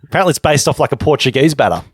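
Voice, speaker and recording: A man's voice: mid-range voice, sing-song, rapid-fire, husky, no echo, studio quality. A man hosting an interview podcast, chatty and jokey, wandering off on tangents. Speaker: podcast host. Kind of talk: casual interview chat.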